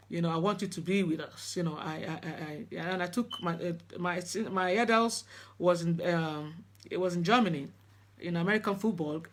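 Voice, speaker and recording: Earnest middle-aged woman. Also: lowish voice. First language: Yoruba. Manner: earnest, halting, with many restarts. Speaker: spiritual practitioner. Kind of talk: personal storytelling talk.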